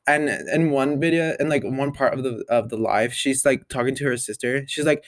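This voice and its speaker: A man's voice: medium pitch, moderate pace, few pauses, no room sound, clean studio sound. A young man hosting his own podcast, rambling casually with lots of "like" and "um" fillers. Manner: rambling, full of "like" and "um" fillers, chatty. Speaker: podcast host. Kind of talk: casual solo podcast chat.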